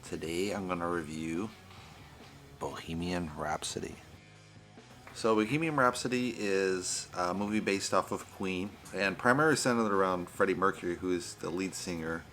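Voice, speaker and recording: A man's voice: deep voice, moderate pace, a bit bright, faint music behind. A man giving a casual, rambling movie review on his vlog, often saying "you know" and "right".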